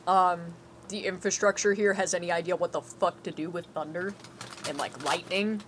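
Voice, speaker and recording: A woman's voice: lowish voice, fairly even intonation, moderate pace, noisy background. A woman co-hosting a game stream, chatting casually, laughing often and swearing freely. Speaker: co-host. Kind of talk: casual gameplay stream chat.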